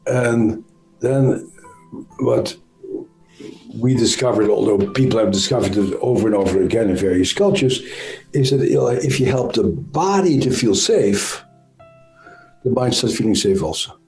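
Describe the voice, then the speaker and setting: Mellow Dutch-accented man explaining slowly. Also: mid-range voice, lively intonation, reverberant, faint music behind. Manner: thoughtful, halting, frequent "uh" and self-corrections. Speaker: interview guest, trauma expert. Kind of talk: conversational explanation.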